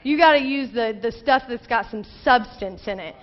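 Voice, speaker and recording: A woman in her thirties preaches from a church stage, her voice a little higher than most. She tells a personal story in a chatty, conversational way, then rises into urgent questions. The sound is slightly dull and muffled. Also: normal speed. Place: church sanctuary.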